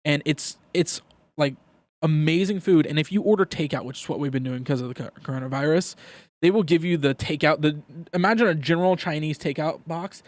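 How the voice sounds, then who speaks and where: A young man chatting on a podcast, his voice sitting a little high for a guy. The sound is dry and close with no room around it. He tells stories in a loose, rambling way and often repeats words mid-thought. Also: fairly quick, no echo. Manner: storytelling, repeats words while thinking. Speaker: podcast co-host. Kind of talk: casual chat.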